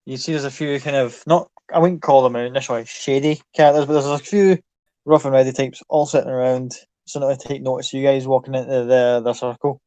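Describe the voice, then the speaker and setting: Relaxed man narrating as game master. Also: medium pitch, fairly quick, dry recording. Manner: loose, rambling description with fillers and swearing.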